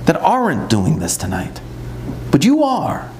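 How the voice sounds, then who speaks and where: A man, a rabbi, giving an animated, conversational sermon to a live audience. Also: a little high, unhurried, gravelly, a little hiss or hum. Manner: animated, conversational preaching with acted-out asides.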